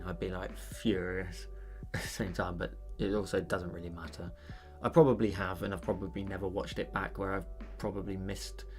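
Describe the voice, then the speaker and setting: Gravelly low-voiced British man chatting. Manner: rambling, with many fillers and restarts. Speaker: art channel host. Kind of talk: casual live-stream chat while drawing.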